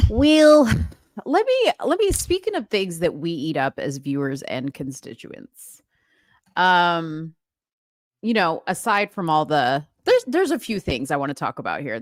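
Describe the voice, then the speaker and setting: A woman hosting a casual political talk show, chatty and animated. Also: low voice, unhurried, no echo. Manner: animated, chatty, laughs easily. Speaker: show host.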